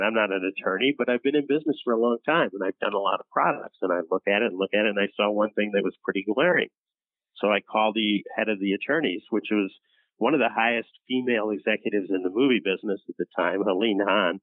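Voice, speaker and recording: A lowish-voiced older man recounts a story in an interview, stumbling and restarting as he acts out quoted lines. The sound is thin and phone-like, with no room around it. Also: dry recording. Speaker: interview guest, former studio executive. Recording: tinny phone-like dry sound.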